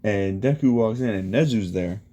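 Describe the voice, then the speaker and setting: A man with a warm, fairly low voice casually retells a fan story at a moderate pace, rambling along with lots of fillers like "you know" and "he's like."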